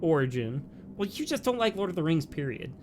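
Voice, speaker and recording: Animated man chatting over a game. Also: fairly high pitch, a little fast, a little hiss or hum. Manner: animated, laughs often, talks in bursts with many "like"s. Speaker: let's play co-host. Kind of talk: casual gameplay commentary.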